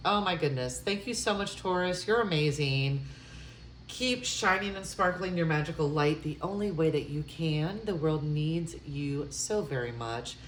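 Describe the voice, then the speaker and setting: A woman's voice: sits low, animated, unhurried, echoey room, slight background noise. A woman giving a tarot love reading, musing aloud with hesitant fillers and breaking into gushing, effusive exclamations. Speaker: tarot reader.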